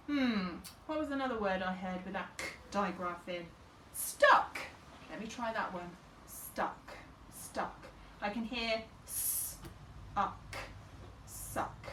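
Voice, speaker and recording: A woman teacher in a phonics lesson for young children, slowly sounding out each word and talking herself through it. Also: medium pitch, sharp tone. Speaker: infant school teacher. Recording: roomy and a bit distant, faint background hum.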